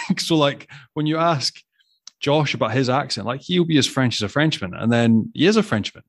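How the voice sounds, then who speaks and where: Chatty Scottish host, dry sound. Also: male voice, medium pitch, expressive, normal speed, dry recording. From Scotland. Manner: chatty, rambling, laughs easily. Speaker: podcast host. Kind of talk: casual interview chat.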